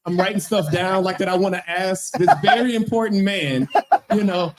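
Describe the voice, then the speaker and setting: A man's voice: sits high, moderate pace. A man telling a rambling, laughing story as part of a live roast at an open mic, swearing freely. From not from Wyoming. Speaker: podcast co-host roasting a guest.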